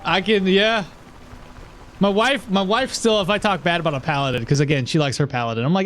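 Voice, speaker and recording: A man's voice: high voice, a little fast, a bit bright. A man streaming a game live, rambling and chuckling as he comments, swearing casually.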